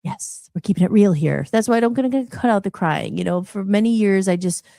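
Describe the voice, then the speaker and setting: A woman's voice: medium pitch, quick pace, gravelly, warm tone, no room sound. Chatty woman podcast host, dry sound. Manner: rambling, chatty, self-interrupting. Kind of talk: casual live-show chat.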